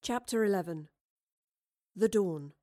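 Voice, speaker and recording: A woman narrating a novel as an audiobook, reading in a steady, measured way. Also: mid-range voice, no echo, studio quality. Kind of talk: scripted narration.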